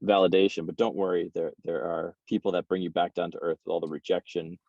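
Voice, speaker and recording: Brief: gravelly, mellow male interview guest, animated with halting restarts. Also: low-pitched, no room sound, lo-fi sound. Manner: animated, repeats words when starting. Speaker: guest entrepreneur. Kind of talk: casual interview storytelling.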